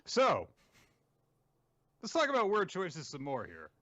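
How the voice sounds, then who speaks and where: A man's voice: on the high side, huge pitch swings, slow, pushed and bright, no echo, dull audio. A man co-hosting a casual manga recap podcast, summing up chapters, quoting characters and laughing often. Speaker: podcast co-host.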